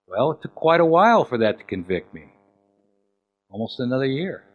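A man preaching a sermon and telling his own story, swinging between loud emphatic questions and hushed, quiet quoted lines. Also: mid-range voice, very animated, moderate pace, pauses often, lo-fi sound. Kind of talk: sermon with personal testimony.

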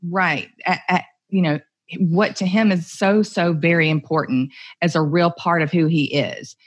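A woman with a lower-pitched voice speaks in a podcast interview. She is reflective and earnest, working out her thoughts as she speaks. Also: steady tone, normal speed, lo-fi sound. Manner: reflective and earnest, thinks aloud. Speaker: podcast guest, entrepreneur's wife. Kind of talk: conversational interview.

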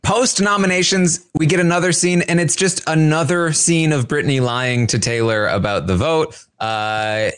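A man co-hosts a casual recap podcast, chatting loosely and laughing often. His pitch rises and falls in wide, lively swings as he talks. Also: normal speed, hardly any pauses, clear, resonant tone. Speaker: podcast co-host recapping a reality show.

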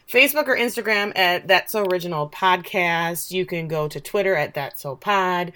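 A woman's voice: on the low side, normal speed, fairly bright tone, a little hiss or hum. A woman from the American Midwest co-hosting a podcast, rambling in casual chat and swearing now and then. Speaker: podcast co-host.

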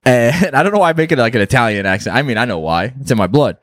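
A man's voice: mid-range voice, expressive, quick pace, a bit bright, no echo. A man co-hosting a podcast, rambling through stories with lots of swearing, talking close to the mic. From New York City. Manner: profane, rambling storyteller. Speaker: podcast co-host. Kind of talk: casual chat.

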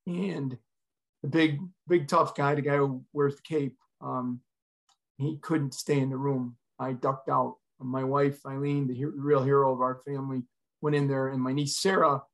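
A middle-aged man with a medium-pitched voice, a retired fire chief, appears as a podcast guest and tells a personal story earnestly and with a lot of emotion.

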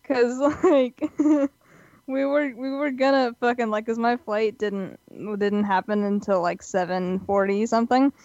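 A woman talks through a casual story in a relaxed, laughing way and sometimes trails off quietly. Her voice sits a little higher than most women's. The sound is dry and a bit dull. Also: measured pace, no echo. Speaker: podcast guest. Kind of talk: casual chat.

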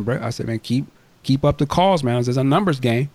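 A man's voice: mid-range voice, expressive, fairly quick, a little mellow, dry recording. A man casually telling a story on a podcast, laid-back and slangy, acting out both sides of a phone call. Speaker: podcast co-host.

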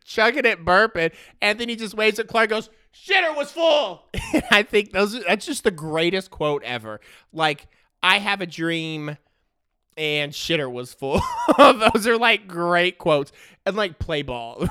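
Rambling, bright-voiced male podcast host. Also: on the high side, no room sound, studio quality. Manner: rambling, joking, laughs often. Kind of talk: casual solo podcast chat.

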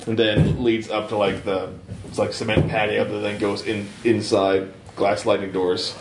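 A man's voice: lowish voice, flat delivery, moderate pace. A man taking part as a player in a tabletop game, speaking hesitantly with lots of fillers. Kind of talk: casual chat in a tabletop game. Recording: roomy echo, faint background noise.

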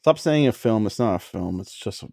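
A man co-hosting a casual movie review podcast, playful and quick to laugh. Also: on the low side, lively intonation, warm tone, no room sound, studio quality. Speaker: podcast co-host.

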